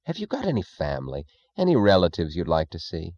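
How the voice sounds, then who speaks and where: A fidgety, pleading male official, as a reader puts him on, deep and dark-toned, swooping pitch, dull muffled sound. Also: huge pitch swings, brisk, full character voice. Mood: falsely casual. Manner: pleading, fidgety, falsely casual. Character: anxious, evasive male government leader.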